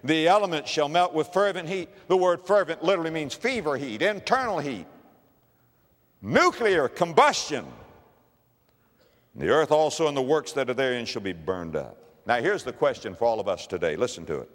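A man preaching an evangelistic sermon, pleading and building emphatically to loud exhortation. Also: medium pitch, sing-song, moderate pace, long reverb tail.

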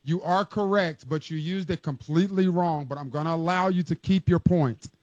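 A man's voice: on the high side, normal speed, a little mellow, no echo. A man joining a sports radio show as a guest over his own remote microphone, emphatic and fond of repeating himself. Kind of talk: casual sports radio chat. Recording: dry, dull remote mic feed.

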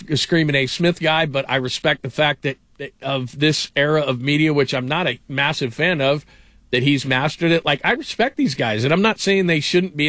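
A man's voice: a little high, a bit bright, no room sound, studio quality. A middle-aged man hosting a sports radio show, telling stories with many "like" fillers. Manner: rambling storyteller, many "like" fillers. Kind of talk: casual sports talk.

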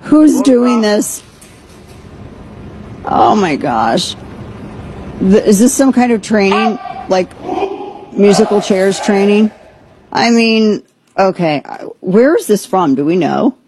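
A woman's voice: medium pitch, lively intonation, takes it slowly, background noise. A woman hosting a talk radio show, commenting casually with an incredulous, joking manner and many restarts.

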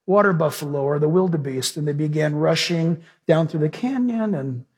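A man's somewhat high, husky voice carries a little mellowness as a pastor preaches at a moderate pace. His sermon turns from narrative into fervent prayer with repeated praise, the emphasis climbing as he goes.

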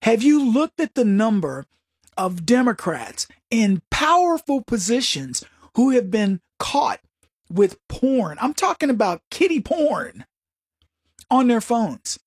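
A man's voice: extremely high pitch, sing-song, slow pace, breathy edge, no echo, studio quality. A man hosting a political talk show, delivering an opinionated, mocking comedic monologue. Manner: mocking, mimics opponents in exaggerated voices, laughs at own jokes. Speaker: political commentary host.

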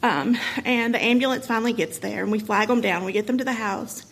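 A woman in her thirties with a husky voice, telling a painful personal story to an audience, emotional and halting, with many pauses and fillers. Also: fairly high pitch, rough recording. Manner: emotional, halting, many ums and you-knows.

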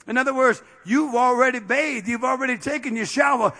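High, bright-voiced fervent preacher man. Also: a little fast, creaky. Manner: fervent, peppers phrases with amen, builds to shouting. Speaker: pastor. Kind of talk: sermon.

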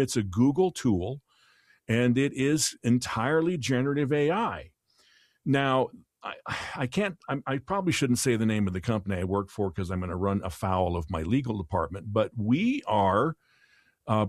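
Male host, casual musing delivery, dry room, mid pitch. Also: darkish tone, dry recording. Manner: thoughtful, with restarts. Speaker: podcast host. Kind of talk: casual conversational podcast.

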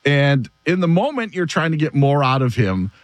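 A man hosting a sports radio show, talking in a casual, animated way and laughing often. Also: on the high side, moderate pace, no room sound.

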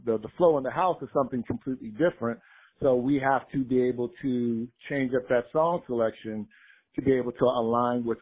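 A man who directs gospel choirs, speaking as an interview guest in a relaxed, reflective way and often checking in with "right?". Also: medium pitch, breathy edge. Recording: tinny phone-like line.

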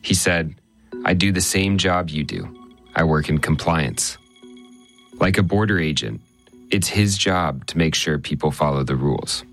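A male radio reporter narrating a news feature in a measured, conversational tone. His voice sits very low. Faint music runs beneath. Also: fairly bright tone.

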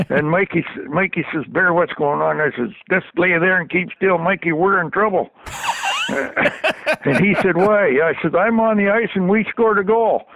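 An older man telling a story in a folksy, animated way, chuckling as he goes. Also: sits high, moderate pace. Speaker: storyteller guest. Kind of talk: casual anecdote on radio. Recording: tinny phone line on radio.

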